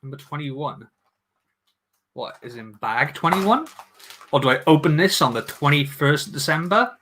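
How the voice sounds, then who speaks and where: Bright, chatty man streaming. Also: a little high, animated, moderate pace, slight background noise. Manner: jokey, chatty, talks to viewers. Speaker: livestream host. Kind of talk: casual livestream chat while building.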